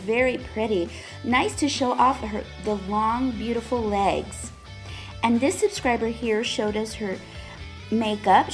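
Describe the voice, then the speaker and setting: A woman beauty vlogger talking casually through a makeup tutorial, chatty and giggly with plenty of fillers. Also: a little high.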